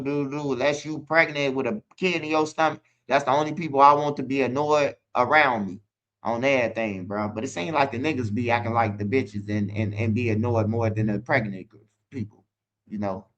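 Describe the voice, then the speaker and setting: The recording is muffled, carrying a medium-pitched male voice with a fairly bright tone. The man, a Chicago-accented host of his own channel, tells profane, rambling stories in a casual monologue, keeps saying "bro," and talks straight to the audience while asking for comments.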